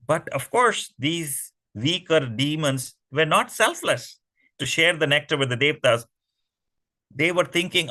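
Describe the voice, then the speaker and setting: A man telling a myth to a children's class, animated and often asking the kids questions. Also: mid-range voice, normal speed, poor audio. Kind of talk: storytelling to children.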